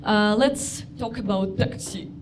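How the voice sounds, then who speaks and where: A young woman from Russia with a Russian accent, performing a deadpan stand-up routine in halting non-native phrasing. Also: mid-range voice. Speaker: stand-up comedian. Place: comedy club stage. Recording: live club with audience noise.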